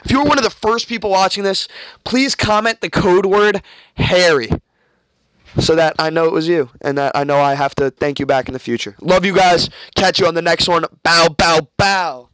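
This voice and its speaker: Brash young podcast host, high voice. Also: male voice, fairly quick, a bit bright, smooth, dry recording. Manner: loose, profane, rambling storyteller. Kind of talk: casual storytelling chat.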